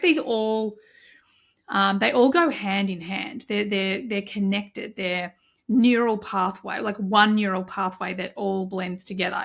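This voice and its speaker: A woman's voice: mid-range voice, vocal fry, fairly bright tone. A middle-aged woman hosting a solo podcast, talking earnestly and reflectively with frequent restarts. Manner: earnest, reflective, with many restarts and self-talk asides. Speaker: podcast host.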